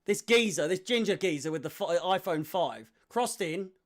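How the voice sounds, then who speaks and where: A young man hosting a live football watch-along, chatting with viewers and getting excitable at chances. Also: high voice, moderate pace. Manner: excitable, shouts and laughs at chances. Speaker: fan watch-along host.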